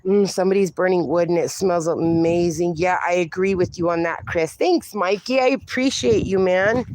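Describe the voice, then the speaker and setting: Sitting outdoors in her backyard, a middle-aged woman hosts a casual livestream, reading viewers' comments aloud from her phone. Her medium-pitched voice is slow and affectionate, with a slight hiss or hum in the audio.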